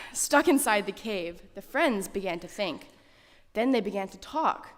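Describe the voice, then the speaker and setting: A woman reading a children's story aloud in a school chapel, animated and expressive. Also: mid-range voice, normal speed. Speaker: story reader. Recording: reverberant chapel.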